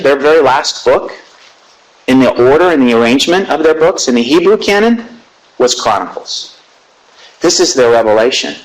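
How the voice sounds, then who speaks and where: A man giving a classroom lecture, animated, asking rhetorical questions and reading scripture aloud slowly. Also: mid-range voice, poor audio.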